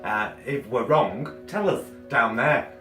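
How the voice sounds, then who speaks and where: A man's voice: mid-range voice, takes it slowly, bright, forceful tone, echoey room, far from the mic, faint music behind. A man co-hosting a casual home cooking video, chatting through a recipe with plenty of ums and uhs. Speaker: cooking channel co-host. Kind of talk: casual cooking demo chat.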